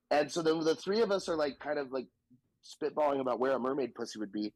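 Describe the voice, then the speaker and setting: A man's voice: fairly high pitch, fast talker, no echo, rough recording. Profane Southern man telling a comedy story. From Southern United States. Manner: animated, profane, jumps into quoted voices. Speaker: stand-up comedian guest. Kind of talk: casual podcast storytelling.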